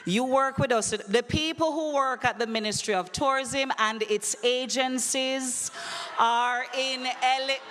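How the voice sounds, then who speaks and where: A woman emceeing a conference, running a brisk, playful audience quiz and teasing the crowd over a handheld microphone. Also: high voice, a bit bright, slight background noise. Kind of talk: lively audience quiz hosting. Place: large conference hall. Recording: long hall reverb.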